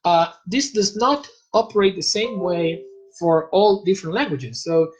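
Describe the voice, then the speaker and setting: A man whose first language is Spanish, speaking as a guest expert in an academic talk. He explains things in a measured, lecturing way and pauses to search for terms. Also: sits high, animated, rough recording.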